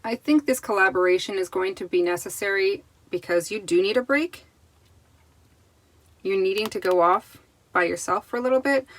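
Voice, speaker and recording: A woman's voice: mid-range voice, a bit bright, dry recording, low-quality recording. A woman talking casually to the camera as she gives a tarot card reading, chatty and reassuring. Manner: chatty and reassuring, with restarts and laughs.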